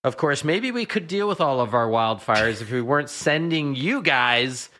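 A man joins a talk show as a vet. He banters and teases with a bright, clear voice. His tone is loose and casual. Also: medium pitch, lively intonation, normal speed. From Canada. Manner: joking, teasing banter. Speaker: veterinarian guest.

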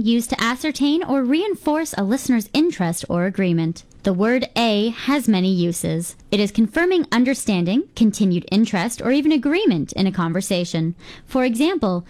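A woman from Canada, hosting a scripted radio feature with a lively, explanatory delivery. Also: a little high. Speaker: radio host.

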